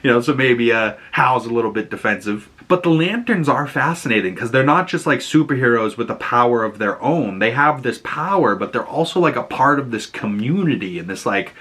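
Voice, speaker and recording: A man's voice: medium pitch, animated, fairly quick, hardly any pauses, fairly bright tone, husky. A man with a Boston accent giving a chatty, casual recap of a TV episode and acting out bits of the dialogue. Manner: chatty, retells scenes and acts out the lines. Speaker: show reviewer.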